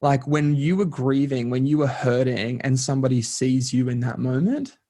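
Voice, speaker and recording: A man's voice: medium pitch, normal speed, mellow. Man, podcast guest, earnest and reflective, conversational. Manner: reflective, earnest, lots of "like" and "kind of". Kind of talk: casual conversation.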